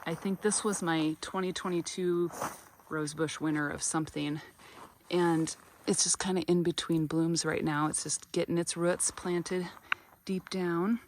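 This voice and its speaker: A woman with a somewhat low voice strolls through her garden outdoors, talking casually and gushing about each flower. She sounds a little tired and short of breath, and the recording carries a faint evening hum of crickets. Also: steady tone, measured pace. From American Midwest. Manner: chatty, gushing about flowers, many ums. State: tired after a long drive, a bit out of breath. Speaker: garden vlogger.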